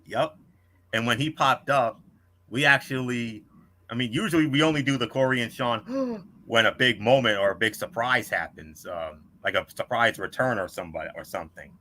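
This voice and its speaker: A man co-hosting a wrestling podcast, reading out a scripted match review with star ratings in a measured way. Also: medium pitch, expressive, bright, forceful tone.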